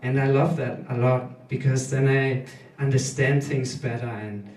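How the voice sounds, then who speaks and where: A German-accented man in his thirties performs stand-up in a small live venue, speaking very slowly with a halting, deadpan delivery. He sounds somewhat distant from the mic, and the room adds a noticeable echo. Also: medium pitch. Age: 30s. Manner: hesitant, deadpan, halting with many ums. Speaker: stand-up comedian. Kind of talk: stand-up comedy set.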